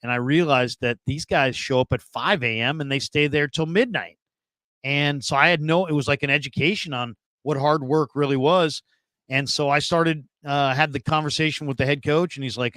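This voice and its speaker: A man's voice: fairly high pitch, normal speed, bright, forceful tone, no echo. A man in his fifties, a former scout turned radio host, telling a long story as an interview guest, rambling with many fillers and restarts.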